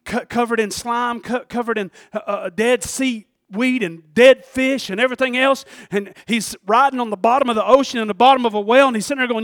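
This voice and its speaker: A man preaching a sermon in a fervent, folksy way, moving between loud outbursts and hushed asides and chuckling often. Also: very high voice, fairly even intonation, fairly quick, hardly any pauses, no room sound, studio quality.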